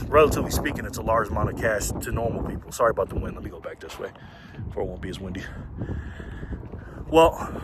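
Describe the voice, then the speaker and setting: A man giving a rambling outdoor vlog rant, full of rhetorical questions and laughing at his own points, recorded on a handheld mic in the wind. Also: mid-range voice. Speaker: political commentary vlogger. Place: outdoors in wind, urban area.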